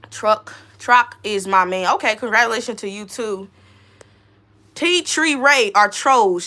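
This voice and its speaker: A woman hosting a casual livestream, reading chat comments aloud in slangy, animated talk and laughing often. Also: fairly high pitch. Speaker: livestream host; school staff member.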